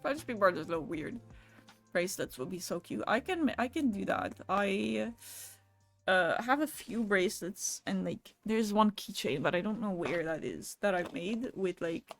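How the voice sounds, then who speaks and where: A woman's voice: mid-range voice, lively intonation, normal speed. Young woman, livestream chat, casual and profane, chatty, laughs a lot, faint music behind. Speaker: streamer.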